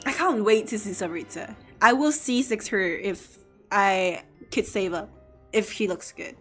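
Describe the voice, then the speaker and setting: A woman streaming a video game live, commenting excitedly, laughing often and reading character lines aloud. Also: mid-range voice, measured pace, faint music behind.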